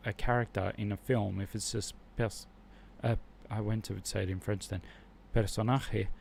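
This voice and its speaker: Low-voiced Australian man musing on a livestream. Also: fairly even intonation, moderate pace, vocal fry, darkish tone, slight background noise. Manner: muses aloud while reviewing flashcards. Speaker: livestream host learning Spanish. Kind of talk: casual livestream chat.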